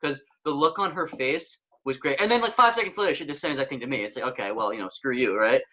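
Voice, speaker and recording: A young podcast host with a bright, slightly high voice chats casually at a fast clip. He's excitable, telling stories rapidly and saying "dude" a lot, and the recording has a dull lo-fi sound.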